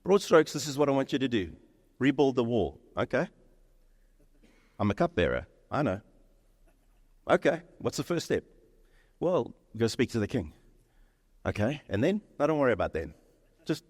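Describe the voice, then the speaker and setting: A male pastor preaching a sermon, animated, acting out the lines of the people in his story. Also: medium pitch, normal speed, long pauses. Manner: animated, acts out dialogue in quoted voices. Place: church sanctuary. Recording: reverberant church hall.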